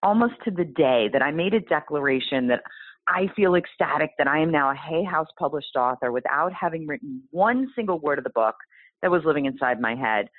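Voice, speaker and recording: A low-pitched woman tells her story as an interview guest, her voice swooping up and down with animated, exclaiming energy. The sound is dry and tinny, like a phone line. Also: fairly quick, dry recording. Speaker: guest author.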